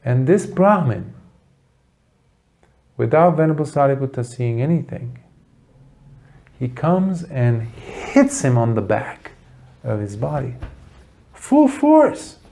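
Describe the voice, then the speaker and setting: A man giving a Buddhist dharma talk, telling a story earnestly with dramatic pauses. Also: medium pitch, lively intonation, creaky, dark tone. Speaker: Buddhist teacher.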